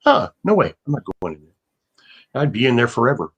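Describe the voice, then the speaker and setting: A man's voice: mid-range voice, wildly swooping pitch, moderate pace, breathy edge, lo-fi sound. An older man, an actor, telling rambling, anecdotal stories in a casual interview, with many restarts.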